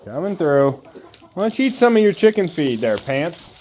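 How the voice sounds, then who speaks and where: A man's voice: a little high, big pitch swings, normal speed, a little mellow, a little hiss or hum. A man doing farm chores on his homestead, talking casually to the camera and fondly to his chickens and ducks. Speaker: homesteader vlogger. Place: outdoors on a homestead with poultry.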